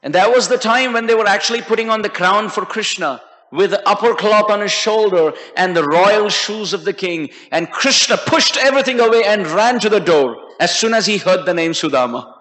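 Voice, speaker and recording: A man telling a devotional story in an animated storytelling sermon. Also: high-pitched, normal speed. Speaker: speaker. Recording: long hall reverb.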